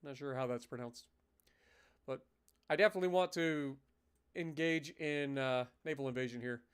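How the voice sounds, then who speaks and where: A man thinking aloud in casual commentary on a live strategy game, his throat a little rough and often cleared, with the odd curse. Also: mid-range voice, normal speed. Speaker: game streamer.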